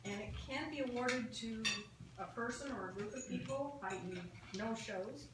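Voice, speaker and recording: A woman explains club roles at a meeting in a clear, assured way. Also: on the high side, moderate pace, very noisy. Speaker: table topics master at a club meeting. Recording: echoey room from far off with clatter. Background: dishes and cutlery.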